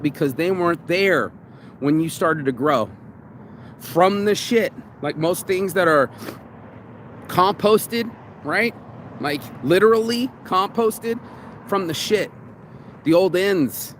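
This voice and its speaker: A man in his forties delivers a pumped-up motivational rant. His voice sits high for a man and is full of swearing and slang. Faint street and car noise hangs in the background. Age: 40s. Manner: crude, pumped-up, slangy, acts out inner voices. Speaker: podcast host. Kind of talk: motivational monologue.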